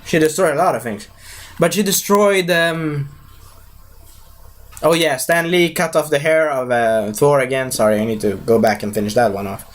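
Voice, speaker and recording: A young man giving a casual live movie review, rambling and excitable, with lots of fillers and broken grammar. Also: on the high side, normal speed.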